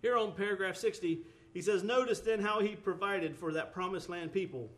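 High-voiced preacher man, earnest and emphatic. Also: moderate pace. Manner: repeats words and restarts phrases. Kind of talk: sermon.

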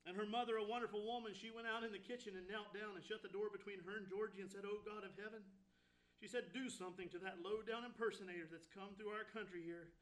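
A man's voice: high-pitched, steady tone, fast, a bit bright. A man preaching a sermon, telling a story and building to fervent exclamations.

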